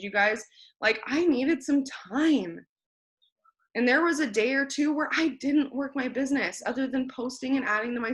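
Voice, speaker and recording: Blunt, bright-voiced young woman coaching. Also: mid-range voice. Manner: blunt, swearing pep talk. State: tired. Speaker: team leader. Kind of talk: motivational talk on a video call. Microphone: video call.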